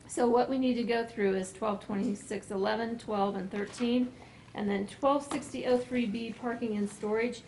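A woman on planning staff explaining code amendments at a public meeting, methodical, pausing and restarting as she goes. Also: a little high, steady tone, darkish tone, a little hiss or hum, poor audio. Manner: methodical, with frequent pauses and restarts. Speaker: planning staff member presenting to a commission. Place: meeting room.

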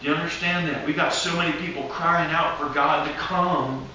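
A man preaching a sermon in a church hall, animated and acting out the voices of people praying. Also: a little high, fairly quick, a little hiss or hum. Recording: echoey hall, mic from a distance.

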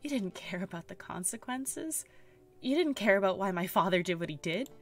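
A bitter young woman bent on revenge, voiced by a woman reading the game aloud. She sounds accusing and cold, at a plain middle pitch. Faint music plays under her. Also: lively intonation, normal speed, natural voice.

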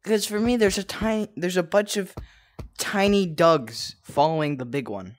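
A young man streaming a game in casual chat with friends, excitable with sudden loud outbursts. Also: sits high, moderate pace.

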